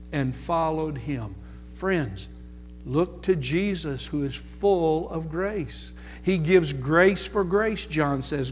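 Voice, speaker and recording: A man preaching a sermon, slow and emphatic, repeating key words for weight. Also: on the high side. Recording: long reverb with faint music.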